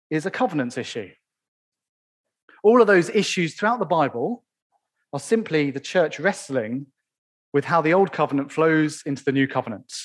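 A man preaching a sermon in church, stressing key phrases slowly and asking the congregation rhetorical questions. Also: a little high, a bit bright, slightly rough.

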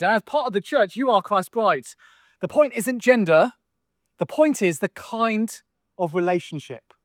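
Southern guy preaching, kinda high voice, dry close sound, earnest rhetorical style. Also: no room sound. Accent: American Southern. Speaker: pastor. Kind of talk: sermon.

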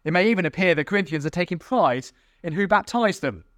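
A man preaching a sermon, animated, sometimes acting out quarrelling churchgoers in mocking voices. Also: high voice, fast talker, no echo, studio quality.

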